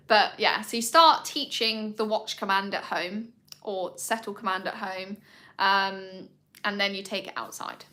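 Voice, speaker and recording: Woman, live-stream host, bright and chatty, rambles with ums. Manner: coos at her dogs in a high voice. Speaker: dog owner hosting a live Q&A. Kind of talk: casual live-stream chat.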